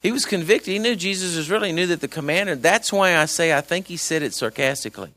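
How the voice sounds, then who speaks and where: A man preaching a chatty Bible-study sermon, swinging between loud and hushed. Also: on the high side, lively intonation, fast.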